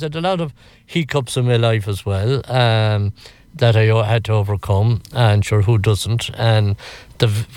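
A man's voice: on the low side, a little mellow, dry recording. An older Irish man telling stories from his past in a rambling, reflective interview. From Ireland. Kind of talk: reflective storytelling.

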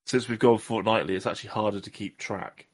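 Low-pitched bloke from the southwest of england, rambling jokey podcast chat. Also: male voice, fairly even intonation, a little fast, breathy edge. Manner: jokey, rambling, self-deprecating. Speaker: podcast co-host. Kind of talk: casual chat.

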